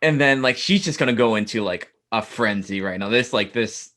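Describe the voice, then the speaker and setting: Bright-toned man describing his character's moves. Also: fairly low pitch, moderate pace. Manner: hesitant, many fillers while describing actions. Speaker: player. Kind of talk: casual tabletop play.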